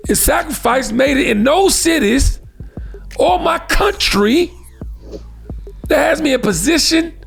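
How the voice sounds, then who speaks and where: An American man hosting a talk show, giving fiery, profane commentary that swings from shouts to hushed tones. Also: high-pitched, creaky. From United States. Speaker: host.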